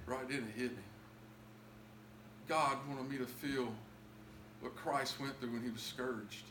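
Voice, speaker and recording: A man's voice: mid-range voice, fairly even intonation, slow pace, pushed and bright, roomy sound, a little hiss or hum, rough recording. A man telling a personal testimony, repeating himself and building up to emotional cries. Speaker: testimony speaker.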